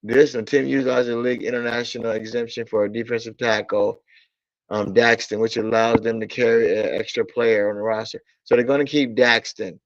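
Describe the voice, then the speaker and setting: A man with a drawl rants about his team, blunt, exasperated and full of profanity. His voice sits at an ordinary mid pitch. The sound is dry and muffled, like cheap lo-fi streaming audio. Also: level tone, fairly quick, dry recording. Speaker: sports talk streamer. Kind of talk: casual sports rant. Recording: dull lo-fi audio.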